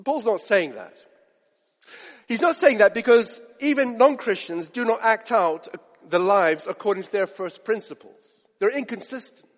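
A man preaching a sermon in a church hall, animated and acting out the voices he quotes. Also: high voice, normal speed. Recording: reverberant hall.

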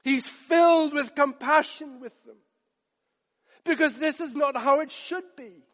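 Preacher guy with a high voice, slow and dramatic, big echoey church hall. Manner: dramatic, acts out quoted lines with hushed slow emphasis. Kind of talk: sermon.

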